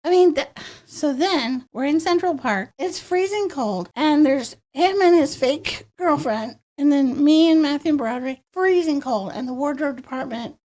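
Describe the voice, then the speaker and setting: A woman who grew up in Miami, a podcast guest telling stories in an animated way and acting out the quotes. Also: high-pitched, normal speed. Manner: animated, acts out quotes in voices. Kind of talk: storytelling in a podcast interview. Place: studio.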